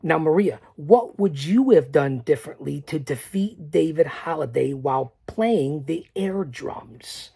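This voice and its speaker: Husky-voiced, swaggering male podcast host. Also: lively intonation, a little slow, hardly any pauses, warm tone. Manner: boastful, swaggering recap with sudden drops to a low mutter; addresses listeners directly, urging them to stay. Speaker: podcast host reviewing a tournament. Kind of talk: solo recap commentary.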